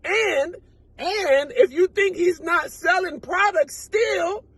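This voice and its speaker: A man giving a comic, incredulous reaction commentary, rambling and animated. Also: very high-pitched, slow pace, no echo. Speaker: comedian.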